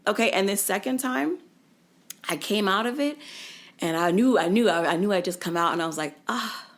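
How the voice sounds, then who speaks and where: A woman's voice: medium pitch, brisk. A young woman hosting a podcast, chatting casually and telling stories with slang and acted-out quotes. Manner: animated storyteller, acts out quoted voices, slangy. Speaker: podcast host. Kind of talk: casual chat.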